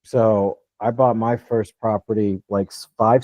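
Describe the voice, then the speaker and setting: A man's voice: lowish voice, fairly even intonation, unhurried, a little mellow, dry recording. A man in his fifties coaching a live online Q&A on real estate investing, talking casually and plainly in his lighter "customer service" voice, often checking in with "you know what I'm saying.". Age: 50s. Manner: talks in a lighter "customer service voice" than his usual one.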